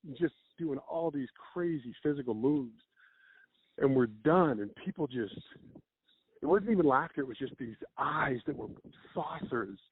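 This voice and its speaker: A man, an improv comedian and teacher, telling stories in casual chat and acting out quick quotes. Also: medium pitch, slightly rough, no room sound. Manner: animated storyteller with quick acted-out quotes. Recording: dry, phone-like narrow sound.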